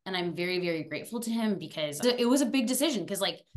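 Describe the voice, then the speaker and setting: A young woman from France, a former student, talking fast and chatty in a casual interview. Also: medium pitch, animated.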